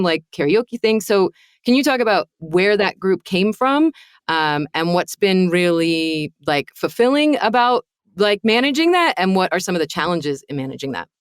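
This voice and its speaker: A woman's voice: fairly low pitch, no echo, studio quality. A woman hosting a podcast roundtable, talking conversationally and steering the discussion with questions. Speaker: podcast host.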